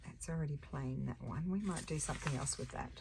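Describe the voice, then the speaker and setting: Low-voiced older Australian woman crafting. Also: fairly quick, gravelly, noisy background. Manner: chatty, easily distracted, thinks aloud while working. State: tired. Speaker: craft channel host. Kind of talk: casual crafting chat.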